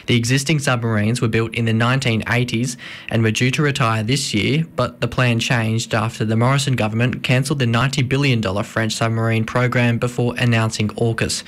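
A male reporter files a news report in an even, measured voice. His pitch stays flat and level throughout.

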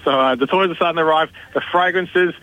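A man's voice: on the high side, fast, no room sound, phone-quality sound. A man, a store manager, chatting on radio with upbeat, salesy storytelling. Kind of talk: radio promo chat.

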